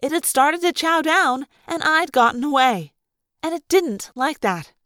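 A woman narrating a first-person novel with dramatic, animated delivery. Her voice swings widely in pitch and sits on the high side. The recording is dry and close, with no room sound. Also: measured pace, dry recording. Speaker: audiobook reader.

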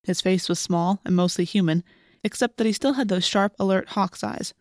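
A woman narrates an audiobook from a script in a steady, clear storytelling style. Her voice is mid-range at a moderate pace, recorded dry with studio quality.

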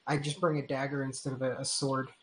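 A man's voice: medium pitch, flat delivery, quick pace, rough recording. A man playing a tabletop game, talking casually and thinking aloud with some hesitation, with faint noise behind. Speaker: player.

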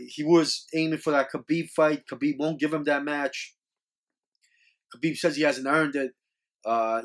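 Male podcast host, slightly high voice, loose and rambling, earnest and critical. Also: fairly bright tone. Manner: rambling, repeats words, scolding and earnest. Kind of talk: casual opinion monologue.

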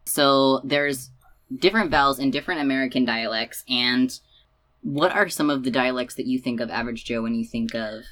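A woman with a remarkably deep voice hosts a relaxed educational podcast. She explains ideas patiently and sometimes draws words out slowly to show how they sound. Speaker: podcast host. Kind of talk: casual educational chat.

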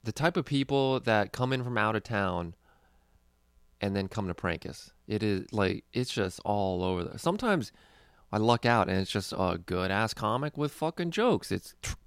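A young man who does stand-up talks in a loose, rambling way, cursing freely as he goes. His voice sits low and has a gravelly fry to it. The sound is dry and close, with no room around it. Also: expressive, moderate pace, no echo. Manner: rambling, profane, laid-back. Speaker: stand-up comedian. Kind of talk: casual chat.

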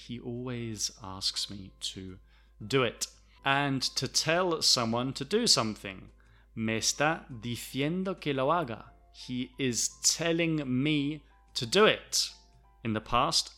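A man's voice: mid-range voice, sharp tone. A man teaching an English lesson, explaining carefully and repeating each example sentence.

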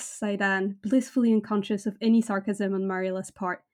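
A woman hosting a casual podcast chat, reading book extracts aloud with lively expression and laughing often. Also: medium pitch, normal speed, hardly any pauses. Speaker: podcast host.

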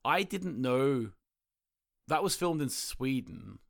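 A man talking through a film on a casual podcast, middle-pitched and animated. He restarts and repeats himself as the thoughts tumble out. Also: slow pace, creaky. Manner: chatty, restarts often, animated. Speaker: podcast co-host. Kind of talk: casual movie chat.

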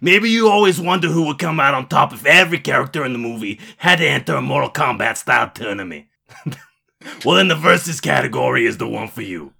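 A man putting on a loud hard-selling infomercial announcer voice. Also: creaky, slightly rough, heavily acted. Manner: shouted hard-sell pitch.

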